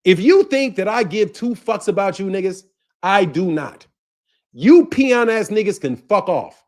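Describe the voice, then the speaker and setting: A man's voice: sits high, expressive, measured pace. A man hosting his boxing channel, ranting in a profane, mocking way and laughing often. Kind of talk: ranting commentary.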